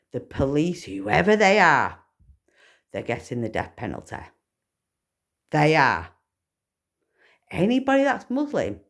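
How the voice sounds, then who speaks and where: A woman ranting furiously to camera, swearing and breaking into bursts of shouting. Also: deep voice. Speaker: vlogger. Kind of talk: angry rant to camera.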